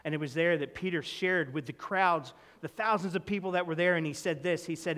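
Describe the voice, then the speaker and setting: A man preaching a storytelling sermon as pastor, earnest, moving between loud emphasis and soft, intimate low passages. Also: brisk, hardly any pauses, big-room sound.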